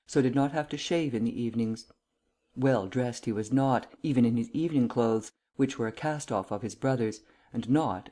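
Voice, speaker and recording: A man reading an audiobook aloud in measured, unhurried scripted narration. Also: medium pitch, a little mellow.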